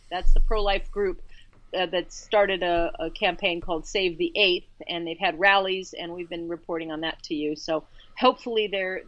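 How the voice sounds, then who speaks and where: A woman's voice: on the low side, a bit bright, no room sound, highs cut off. A woman co-hosting a talk radio show, making emphatic points and often repeating words as she builds them. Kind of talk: casual talk radio commentary.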